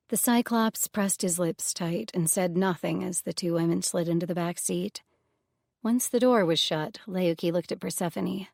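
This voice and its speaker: A woman reads a fantasy audiobook in a measured, even voice with a gravelly, fry-laced texture. The sound is close-miked and completely dry, with no room around it. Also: lowish voice, dry recording. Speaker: audiobook narrator. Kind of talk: scripted fantasy audiobook narration.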